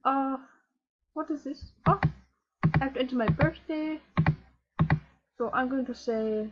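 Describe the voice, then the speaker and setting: Woman putting on a preachy Somali-accented lady. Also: high voice. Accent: put-on Somali accent. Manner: preachy, scandalized, broken English. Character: pious preachy Somali immigrant woman gamer. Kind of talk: in-character troll gameplay commentary. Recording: dull lo-fi recording.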